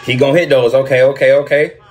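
A man doing excited reaction commentary over a basketball video, repeating himself and talking in slang. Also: mid-range voice, fast, soft background music. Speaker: reaction streamer.

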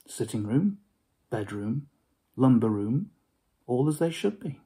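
A man giving a dramatic storybook reading, expressive and dropping to hushed whispers for suspense. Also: medium pitch, slow pace, breathy edge.

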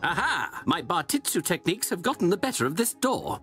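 A man's voice: high voice, big pitch swings, brisk, a bit bright, soft background music, full character voice. A man playing a confident, theatrical detective who talks in a grand, lofty, mock-grave way. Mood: commanding. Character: confident, theatrical male detective, older gentleman. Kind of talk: video game voice acting.

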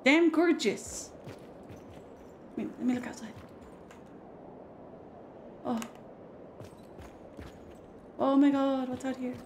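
A young British woman with a British accent giving excitable, gushing, chatty commentary while playing a video game. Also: sits high, slow, long pauses, a little hiss or hum. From Britain. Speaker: gaming streamer. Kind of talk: casual gameplay commentary.

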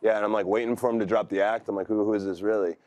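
A man's voice: lowish voice, steady tone, racing, darkish tone. A man in his thirties telling stories in a laid-back, rambling way as an interview guest. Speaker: wrestler guest. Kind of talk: casual interview talk.

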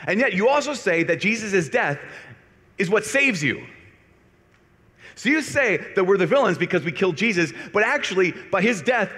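A man's voice: a little high, sing-song, rapid-fire, few pauses, fairly bright tone. A man voicing a large, bearded, middle-aged man who questions him indignantly. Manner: challenging, questioning. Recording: echoey hall reverb.

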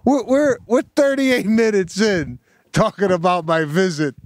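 A man's voice: high-pitched, no echo, clean studio sound. A man co-hosting a podcast in casual chat, telling stories emphatically and checking in with "right?". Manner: emphatic, drawn-out storytelling with frequent "right?". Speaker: podcast co-host.

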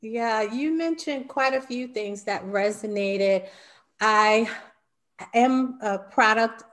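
A woman's voice: a little high, slow pace, fairly bright tone. A woman hosting an interview, asking questions in an attentive, conversational way and sharing her own experience. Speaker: interview host.

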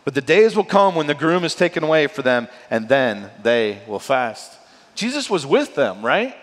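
A male pastor preaching a sermon in a lively, conversational way, often checking in with "right?". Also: medium pitch, normal speed. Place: church sanctuary. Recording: long church hall reverb.

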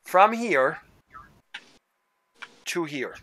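A man's voice: fairly high pitch, sing-song, extremely slow. An Irish man chatting casually on a game live stream, rambling, swearing and joking with his mates. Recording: loud game engine noise behind.

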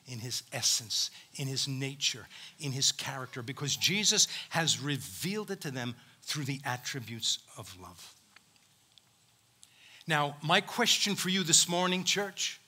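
A man's voice: on the high side, bright, forceful tone. Male preacher, fervent sermon delivery, brilliant ringing tone. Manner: emphatic preaching, dramatic quoted speech, calls to the congregation. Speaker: pastor.

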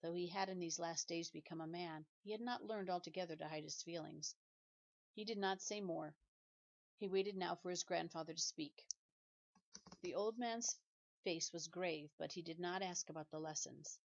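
A woman teacher reading a children's novel aloud in a steady, measured and clear way. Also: fairly low pitch. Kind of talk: audiobook narration for children. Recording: dull lo-fi recording.

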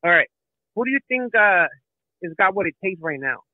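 A man's voice: sits high, sing-song, fairly quick, dry recording, phone-quality sound. A man calling in to a radio show, asking questions in a hesitant, rambling way. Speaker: caller. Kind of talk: call-in question.

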